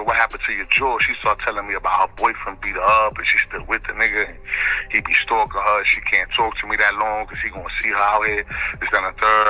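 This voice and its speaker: A man's voice: on the low side, pushed and bright, low-quality recording. A man from the Bronx, telling street stories as a guest in an interview. He talks in slang, rambles, and keeps checking in with "you know what I'm saying.". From the Bronx, New York. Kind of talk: street storytelling.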